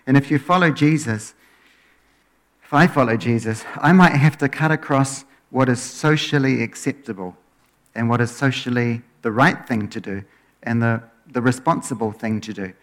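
Relaxed male pastor preaching. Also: medium pitch, moderate pace. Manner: relaxed, often trails off quieter at phrase ends. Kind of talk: conversational sermon.

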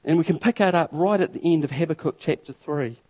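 A man preaching a sermon, emphatic and dramatic, repeating phrases for force and swinging between loud and hushed. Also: on the high side, quick pace.

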